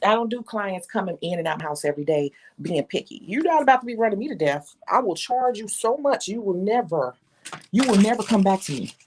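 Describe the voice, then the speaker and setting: A woman's voice: mid-range voice, fairly quick, slight background noise. A woman nail technician talking casually and bluntly to her viewers, telling stories with slang and the odd curse. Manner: candid, blunt, animated storytelling with slang and cursing. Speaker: nail technician and channel host. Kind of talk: casual talk to viewers, reading live comments.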